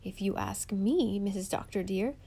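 A stiff, proper old housekeeper delivers her disapproval in a prim, unbending tone, as a woman reading a storybook puts her on. Her voice stays low-key and firm. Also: normal speed, gravelly, dark tone, husky. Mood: indignant. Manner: prim, implacable scolding. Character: stern older housekeeper woman.

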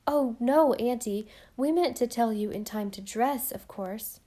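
A woman voicing a gentle, dreamy young wife, speaking softly with a slightly lifted voice. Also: fairly high pitch, measured pace.

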